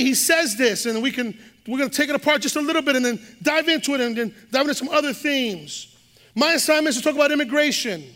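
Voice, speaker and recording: High-voiced, bright Puerto Rican pastor preaching. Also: male voice. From Puerto Rico. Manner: fast, rising to shouts, bilingual asides. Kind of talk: preaching a sermon. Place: large church hall. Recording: long church hall reverb.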